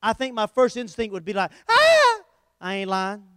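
A middle-aged man preaches a sermon, telling the story with animated swings between loud emphasis and hushed lines. His voice is high, clear, and resonant, fairly quick, with no room sound.

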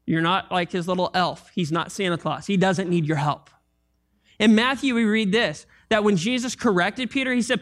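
Animated, joking male pastor preaching. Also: sits high, normal speed. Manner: animated, conversational preaching with humor. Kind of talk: sermon.

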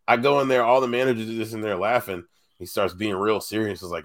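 A man's voice: lowish voice, fast, fairly bright tone. A man on a casual podcast, telling stories and laughing often. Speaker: podcast co-host. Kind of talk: casual chat.

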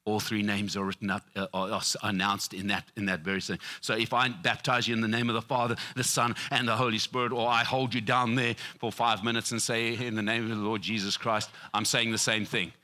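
A middle-aged man preaching a sermon to his church, telling lively stories with acted-out quotes. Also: on the low side, fairly quick, few pauses. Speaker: pastor.

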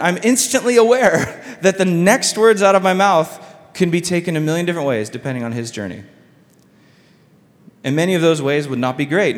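A man's voice: high-pitched, long reverb tail. A man preaching a sermon as pastor, casual and conversational, full of fillers and asides. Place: church sanctuary.

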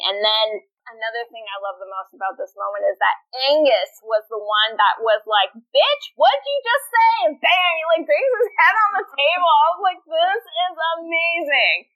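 A woman co-hosting a podcast in casual chat, animated and swearing freely as she acts out quotes. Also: medium pitch, rough recording. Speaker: podcast co-host.

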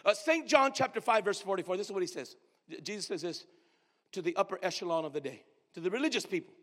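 A man pastor preaching a sermon with emphatic delivery, swinging from shouted lines to low, quiet asides. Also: lively intonation, quick pace. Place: church sanctuary. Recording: long hall reverb.

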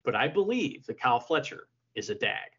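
A man's voice: medium pitch, big pitch swings, brisk, a bit bright, slightly rough, muffled recording. A man co-hosting a podcast in casual chat, who laughs a lot and acts out quotes in silly voices. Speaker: podcast co-host.

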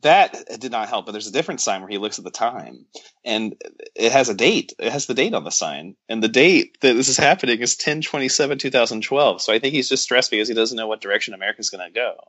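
A man's voice: medium pitch, lively intonation, fast talker, a bit bright, no room sound. A man co-hosting a podcast, chatting casually about a film in a rambling, self-mocking way with many stops. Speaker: podcast co-host.

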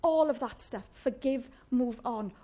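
A woman preaching a sermon, chatty and warm-humoured, often asking the congregation questions and laughing. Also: fairly high pitch, unhurried.

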